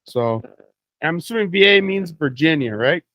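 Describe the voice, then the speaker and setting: A man's voice: on the high side, lively intonation, moderate pace, a bit bright, no room sound. A young Canadian man co-hosting a podcast, asking questions in an easygoing, joking way. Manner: easygoing, joking interviewer with frequent agreement. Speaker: podcast co-host. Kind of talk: casual chat.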